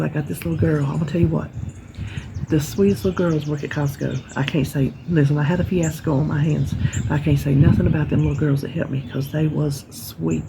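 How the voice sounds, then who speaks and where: A woman's voice: sits low, gravelly, background noise. A woman with a Southern US accent chatting casually on a porch, a rambling folksy storyteller. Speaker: vlogger. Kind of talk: casual chat vlog. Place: outdoors on a porch with birds around.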